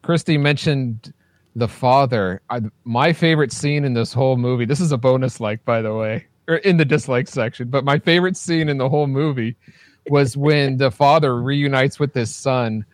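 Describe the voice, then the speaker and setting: Man, podcast co-host, mid-pitched, halting delivery, dry close sound. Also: dry recording. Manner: halting, restarting. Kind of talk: casual movie review chat.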